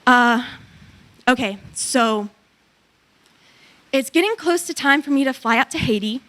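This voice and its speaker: A woman in her twenties giving a church testimony about a mission trip, telling her story in an animated way and acting out what people said. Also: high voice, measured pace.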